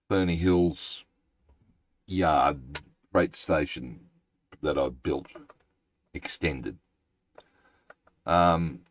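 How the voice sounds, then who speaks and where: A deep-voiced man streams a game live, rambling and half-thinking aloud. He speaks at an unhurried pace, often stalling mid-sentence and then addressing his viewers directly. His voice sits close and dry, with little room sound. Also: dry recording.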